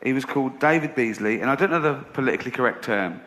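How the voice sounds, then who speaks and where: A man's voice: mid-range voice, lively intonation, fast. A middle-aged man from England, doing brash, profane stand-up storytelling. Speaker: comedian. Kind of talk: stand-up comedy. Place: live comedy venue. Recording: echoey live venue with room noise.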